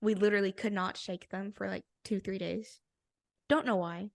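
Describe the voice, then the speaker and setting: A woman's voice: medium pitch, steady tone, normal speed, vocal fry, no echo, clean studio sound. A young woman co-hosting a podcast, telling a story in casual chat, bubbly and laughing often. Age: young adult. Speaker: podcast co-host.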